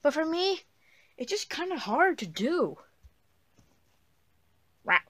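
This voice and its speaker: A woman voicing a whiny, excitable young male dinosaur in a plush puppet comedy. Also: sits high, slow, no echo, full character voice. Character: whiny young male dinosaur who wants an imaginary friend.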